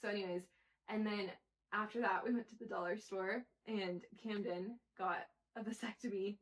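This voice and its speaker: A young woman co-hosting a podcast, telling lively stories about her kids and acting out their lines between laughs. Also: medium pitch, moderate pace. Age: young adult. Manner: animated storytelling, acts out kids' lines, laughs often. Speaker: podcast co-host. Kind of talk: casual chat.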